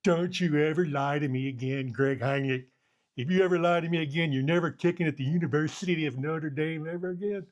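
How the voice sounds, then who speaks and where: A man doing an impression of a stern, fiery older male football coach who stretches out a player's name slowly and then scolds him harshly. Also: on the high side, lo-fi sound. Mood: angry scolding.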